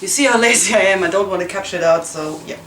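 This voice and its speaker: A chatty woman talks through a craft tutorial in a loose, rambling, self-mocking way. She sits back from the microphone in a roomy space at home. A steady hiss of noise runs under her voice. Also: medium pitch, fast. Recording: roomy, distant, noisy home recording.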